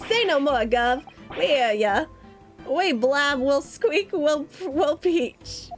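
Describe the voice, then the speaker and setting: Shifty Cockney small-time thieves, read by a woman, high and unhurried. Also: animated, faint music behind. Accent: Cockney put-on. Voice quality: rough street slang. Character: two scrappy Cockney brothers, petty thieves.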